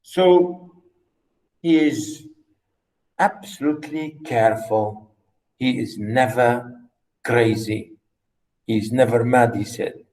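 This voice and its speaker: A man teaching literature, reading a story aloud and explaining it slowly and emphatically, repeating key words. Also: mid-range voice, darkish tone, rough recording.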